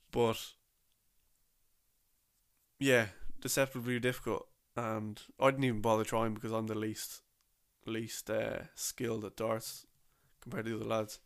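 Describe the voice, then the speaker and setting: A man's voice: on the low side, vocal fry. A young man telling a rambling, casual story about a trip, full of slang and restarts.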